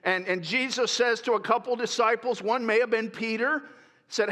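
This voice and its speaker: High, bright-voiced pastor preaching in a hall. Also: male voice, fairly even intonation, moderate pace. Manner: conversational preaching, acting out the disciples' voices. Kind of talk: sermon. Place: large church hall.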